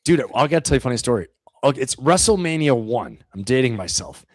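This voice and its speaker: A middle-aged American man chatting on a livestream, telling lively stories with frequent laughter. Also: mid-range voice, fast, no echo. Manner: animated storyteller, laughs often. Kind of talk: casual livestream chat.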